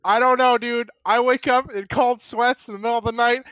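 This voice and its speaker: A high-voiced man tells a rambling story, animated, swearing and laughing as he goes. His voice is dry and close, with no room around it. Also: a little fast, smooth, dry recording. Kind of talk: casual storytelling.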